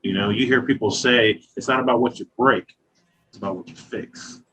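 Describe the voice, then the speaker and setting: Interviewed on a rough recording with slight background noise, a man in his thirties who works as a glass artist swears freely and spins loose stories, padding them with filler and performing the quoted lines. His mid-range voice is steady and fairly bright, at normal speed.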